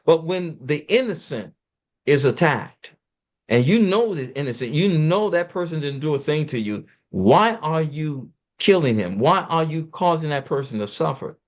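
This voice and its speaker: A man speaking as an interview guest, explaining scripture in a preacherly, emphatic way and talking fast at times. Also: on the high side, very animated. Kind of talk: conversational scripture discussion.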